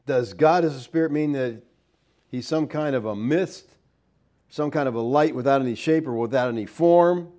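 A man's voice: mid-range voice, normal speed, mellow. A man giving a verse-by-verse Bible teaching, explaining with rhetorical questions and stressing key points.

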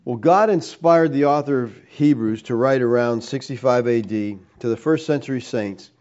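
A man delivers a teaching sermon in a warm, mellow voice of middling pitch. He argues emphatically, stacking rhetorical questions. The recording sounds dull and lo-fi. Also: moderate pace. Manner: emphatic, rhetorical questions, tags "all right?". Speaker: preacher.

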